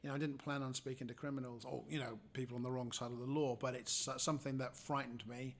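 A man's voice: mid-range voice, flat delivery, quick pace, slight background noise. A man, a comedian guest, telling stories in casual chat and acting out the people he quotes.

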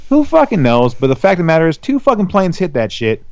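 A man's voice: a little high, wildly swooping pitch, fast talker, creaky, a little mellow, clean tone, no echo. Young guy ranting and cussing on a podcast, dry muffled sound. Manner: profane, heated rant. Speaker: podcast co-host. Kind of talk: casual chat. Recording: dull lo-fi sound.

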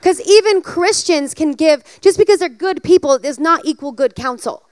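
A woman delivers a sermon in a high, bright-toned voice, recorded dry and close. She tells a personal story with animated energy and rises into emphatic exhortation. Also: moderate pace, no room sound. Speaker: preacher.

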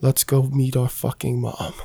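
A man voicing a determined young male sorcerer, speaking low and intensely. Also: monotone, a little slow, creaky, over a noisy crowd.

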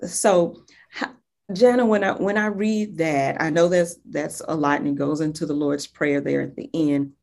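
Casting: very low, gravelly woman, calm scripture reader and question-asker. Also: normal speed. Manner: reads scripture steadily, then asks questions, affirms with quiet mm-hmms. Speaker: co-host. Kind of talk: Bible reading and casual faith chat.

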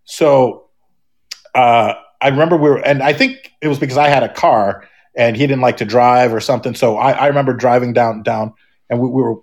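A man's voice: medium pitch, fairly even intonation, brisk. A middle-aged man, a podcast guest, talking casually and rambling, with many restarts and fillers. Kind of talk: casual chat.

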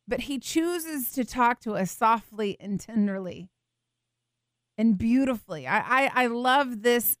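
A woman's voice: a little high, fairly bright tone, smooth, no room sound, studio quality. A woman hosting a faith show, teaching earnestly and tenderly and reading scripture aloud with expression. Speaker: show host teaching the Bible.

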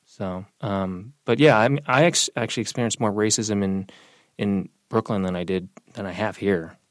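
A young man in an interview, talking casually and telling personal stories, relaxed and lively when quoting other people. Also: fairly low pitch, normal speed, no room sound. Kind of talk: casual conversational storytelling.

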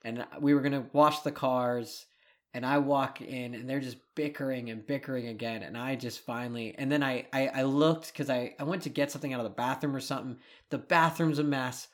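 A man's voice: medium pitch, steady tone, a little fast, fairly bright tone. A man co-hosting a family podcast, telling a story in a rambling way with many restarts and a casual tone. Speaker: podcast co-host, father. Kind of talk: casual chat.

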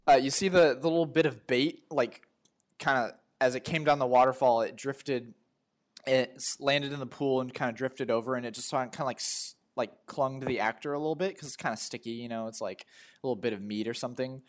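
A man's voice: mid-range voice, fairly even intonation, a little fast. A young man, a player, narrating his character's actions in a tabletop game, rambling with lots of "like" and "kinda".

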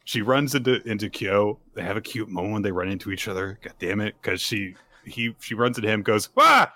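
A man's voice: lowish voice, brisk, a bit bright. A man co-hosting a podcast, casually recapping manga chapters and acting out the characters' lines. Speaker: podcast co-host.

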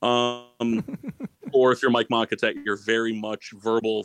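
A man's voice: mid-range voice, steady tone, slow, dry recording, poor audio. A man hosting a casual sports podcast, rambling and correcting himself, laughing often. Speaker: podcast host.

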